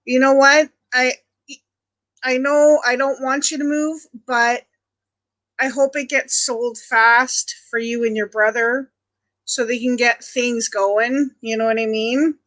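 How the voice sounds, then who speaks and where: A woman's voice: on the high side, fairly even intonation, slow pace, fairly bright tone. A middle-aged woman from Ontario, Canada, hosting a livestream and chatting casually with viewers, greeting them by nickname. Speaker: livestream host. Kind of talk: casual chat with live viewers.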